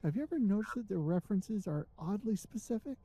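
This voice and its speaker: A woman hosting a gaming livestream, chatty and excitable as she plays. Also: medium pitch, quick pace, slightly rough. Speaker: host and gamer. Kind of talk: casual livestream gaming chat.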